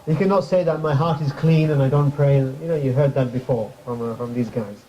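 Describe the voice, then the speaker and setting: A man giving an informal sermon in a mosque, speaking conversationally with the audience, putting questions to them and making light jokes, and quickly reciting Arabic verses. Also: mid-range voice, dark tone. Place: mosque hall. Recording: crackly muffled recording.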